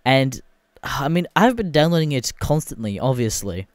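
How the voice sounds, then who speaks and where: A man's voice: mid-range voice, big pitch swings, moderate pace, no echo. A man, hosting a podcast alone and ranting in a casual, profane, exasperated way. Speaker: podcast host. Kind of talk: casual solo rant.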